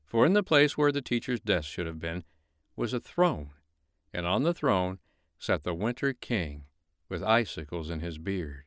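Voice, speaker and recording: A man reading a bedtime story in a gentle, lively way. His voice sits low but moves a lot. The recording is close and dry. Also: measured pace, dry recording.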